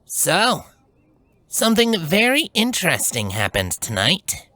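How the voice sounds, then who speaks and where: A man's voice: high-pitched, very animated, measured pace, bright, forceful tone, no echo, pitched above the performer's own voice, exaggerated voice. A man voicing a sarcastic, tomboyish young female pegasus, with a cold, scolding manner.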